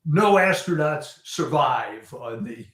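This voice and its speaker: Guest guy, lots of ums, a bit high, echoey room. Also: expressive, slow pace, fairly bright tone. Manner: hesitant, many fillers. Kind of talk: casual conversation.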